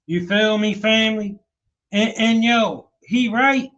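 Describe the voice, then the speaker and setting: A man's voice: high-pitched, slow, fairly bright tone, dull audio. A man hosting a podcast, giving earnest, preachy commentary and addressing listeners as family. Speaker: podcast host. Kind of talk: opinionated commentary.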